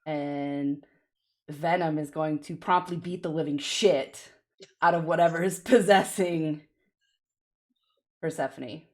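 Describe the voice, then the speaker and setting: Low, slow woman narrating her move. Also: fairly even intonation, darkish tone. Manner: rambling, many filler likes, laughs between actions. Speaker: player. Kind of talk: narrating a tabletop game move.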